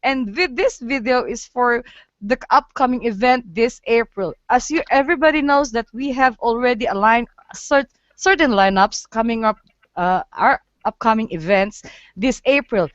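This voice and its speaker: A woman's voice: fairly high pitch, normal speed, dry recording, muffled recording. A woman hosting a live online chat, talking chattily with fillers and lots of giggles. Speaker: host of a live photo-walk stream. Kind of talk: casual group chat. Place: Japan.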